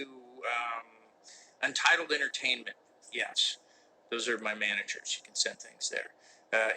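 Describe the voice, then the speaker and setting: A man's voice: medium pitch, sharp tone, slight background noise, poor audio. A middle-aged man chatting live from a room, reading fan questions aloud and answering with mock-serious jokes. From United States. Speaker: actor hosting a live Q&A. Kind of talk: casual live-stream chat. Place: indoor room with a window that does not open.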